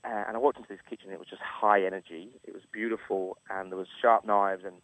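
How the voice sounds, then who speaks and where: A man's voice: on the low side, fairly even intonation, quick pace, fairly bright tone, low-quality recording. A middle-aged man from England, a chef telling a story as a radio guest, acting out quotes and laughing often. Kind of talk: casual storytelling interview. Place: radio studio. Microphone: studio microphone.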